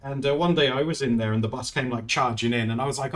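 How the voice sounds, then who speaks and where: A man's voice: mid-range voice, fairly even intonation, fast talker, hardly any pauses. A man chatting casually on a live stream, laughing often and retelling stories. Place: indoors at home. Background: faint music.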